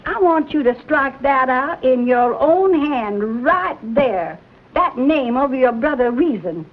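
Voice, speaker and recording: A stern frontier mother in an old TV western, high-pitched and lively as she scolds. The sound is tinny and narrow. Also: slow pace, full character voice. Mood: scolding. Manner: scolding, emphatic. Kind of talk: 1950s TV western drama.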